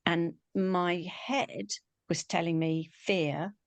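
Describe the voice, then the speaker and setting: A woman with a fairly low voice tells a personal story in an animated way. She acts out the quoted voices as she goes. The recording is dry and close. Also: normal speed, creaky, no room sound. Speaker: spiritual teacher.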